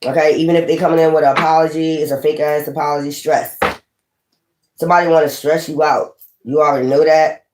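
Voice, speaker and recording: A woman's voice: sits low, fairly even intonation, fast, background noise. A woman giving a casual tarot reading to camera, speaking bluntly with profanity and calling out card words one at a time. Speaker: tarot reader. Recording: echoey room.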